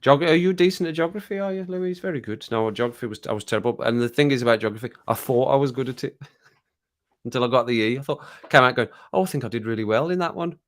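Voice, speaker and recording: A man's voice: medium pitch, fast talker. A middle-aged man with an English Midlands accent, chatting casually and rambling to live viewers from his home streaming room, chuckling as he goes. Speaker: livestream host.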